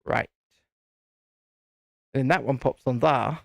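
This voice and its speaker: A man's voice: medium pitch, slow pace, creaky, no room sound. A man hosting a casual live stream, chatting and laughing while he builds, with mild swearing and frequent restarts. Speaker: host.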